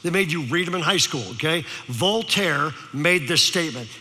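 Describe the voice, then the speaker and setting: A man's voice: on the high side, animated, normal speed, pushed and bright. A man preaching a sermon as pastor, telling stories and checking in with the congregation by asking "okay?". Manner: storytelling with repeated "okay?" to the audience. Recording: long hall reverb.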